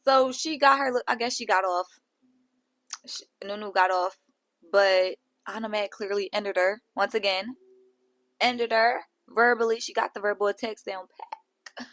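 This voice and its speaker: A woman's voice: mid-range voice, unhurried, a bit bright, no echo, poor audio. Profane, chatty woman recapping reality TV. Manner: profane, chatty, laughing asides. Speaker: reality show recap host. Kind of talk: casual chat.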